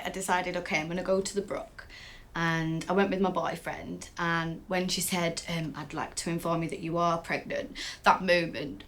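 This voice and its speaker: An actress playing a candid young British woman who was raised in a strict family, speaking haltingly with many fillers in a verbatim theatre monologue. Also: lowish voice, fairly bright tone. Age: young adult. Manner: candid, hesitant, full of fillers. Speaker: interviewee recalling her past.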